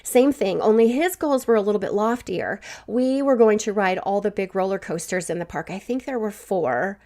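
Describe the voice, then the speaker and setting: A woman's voice: medium pitch, normal speed. Grandmotherly woman telling a faith talk. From Southwest Missouri. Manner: warm storytelling with laughs. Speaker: podcast host. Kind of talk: faith-based encouragement talk.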